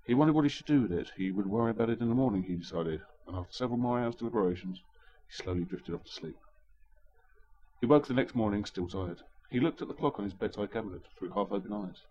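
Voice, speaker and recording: A man's voice: lowish voice, lively intonation, fast, dark tone, highs cut off, slight background noise. A man narrating a story in a dry, wry manner.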